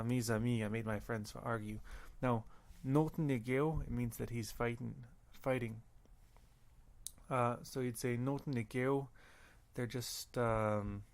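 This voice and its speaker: A man teaching a language lesson, slowly repeating words and pausing to think. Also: medium pitch, steady tone. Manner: slow, careful, repeats words with pauses. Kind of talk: recorded audio lesson.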